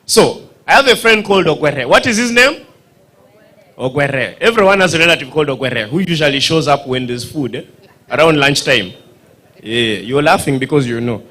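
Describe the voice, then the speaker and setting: A Ugandan stand-up comedian spins a long comic story with a lively, swooping voice. He acts out characters and noises and throws quick questions to the crowd. His voice sits a little higher than most men's. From northern Uganda. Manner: animated, acts out voices and sound effects, quizzes the audience. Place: dinner event hall.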